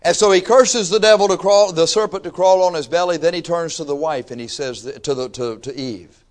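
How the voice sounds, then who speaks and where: A man's voice: fairly high pitch, fairly quick. Folksy preacher, a man in his fifties. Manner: folksy, conversational preaching with rising emphatic bursts. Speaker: pastor. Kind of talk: sermon.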